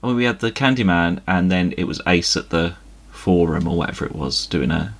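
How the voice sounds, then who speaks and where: A man's voice: low-pitched, brisk. A man co-hosting a podcast, chatting in an easygoing, wry way. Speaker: podcast co-host. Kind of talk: casual chat.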